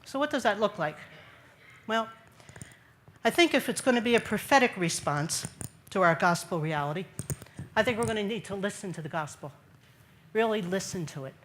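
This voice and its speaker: A woman's voice: mid-range voice, lively intonation, normal speed, pauses often, fairly bright tone, slight background noise. A woman giving an earnest faith talk to a gathered audience in a large room, repeating key phrases and putting questions to her listeners. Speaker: speaker at a church gathering.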